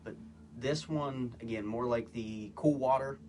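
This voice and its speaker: A man's voice: mid-range voice, a little slow, slight background noise. Easygoing man reviewing colognes. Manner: relaxed, hesitant, lots of "um" and "again". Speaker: guest co-presenter, husband. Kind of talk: casual product review. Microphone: phone, live stream.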